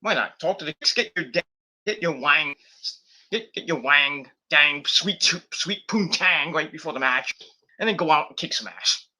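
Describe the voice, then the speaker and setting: A man's voice: a little high, animated, moderate pace, sharp tone. A man casually reviewing wrestling on a live stream, rambling and swearing, with lots of fillers and restarts.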